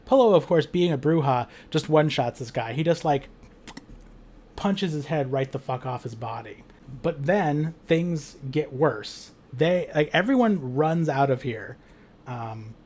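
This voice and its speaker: Acting as game master, a man recaps a tabletop game in a casual, rambling way, packed with "like" fillers, swearing and frequent laughter. His voice sits on the high side and sounds a little mellow.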